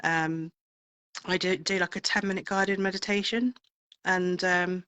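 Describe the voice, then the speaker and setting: A woman's voice: on the low side, fairly even intonation, a little slow, a bit bright, clean tone, no room sound, poor audio. A woman singer being interviewed, chatting in a rambling way with plenty of fillers. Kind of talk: casual interview chat.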